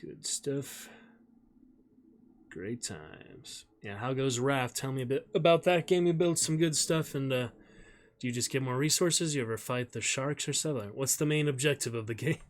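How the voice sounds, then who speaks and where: A man's voice: medium pitch, moderate pace. A man streaming live, reading a novel aloud and chatting with viewers in a friendly, easygoing way.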